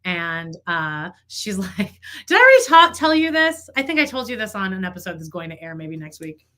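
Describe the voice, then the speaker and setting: A woman's voice: medium pitch, fairly quick. A woman co-hosting a casual gossip podcast, swearing often and acting out what others said. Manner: animated, swearing, acts out quotes. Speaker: podcast co-host.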